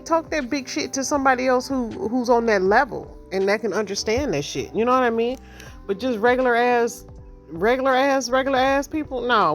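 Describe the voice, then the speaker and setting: A middle-aged woman talking in a blunt, profane, casual monologue, acting out the people in her stories. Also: a little high. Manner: blunt, profane, animated storytelling with mocked voices. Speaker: vlogger.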